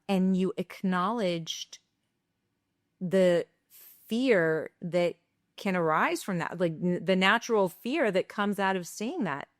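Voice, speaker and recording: A woman's voice: on the low side, no room sound, clean studio sound. A woman co-hosting a parenting podcast, speaking in a thoughtful, affirming way as she sums up her partner's points. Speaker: podcast co-host. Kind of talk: parenting advice chat.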